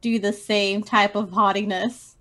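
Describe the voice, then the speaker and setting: Woman tabletop player, measured slow delivery, mid pitch, muses over rules. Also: level tone, a bit bright. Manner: thinks aloud while checking rules. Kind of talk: casual tabletop game chat.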